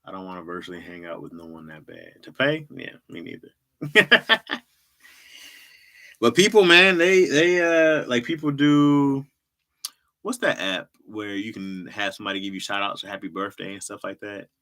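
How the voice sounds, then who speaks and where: A man's voice: lowish voice, normal speed, bright, forceful tone. A man hosting a livestream, chatting casually with viewers in a laid-back, slangy way and laughing often. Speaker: livestream host and comedy writer.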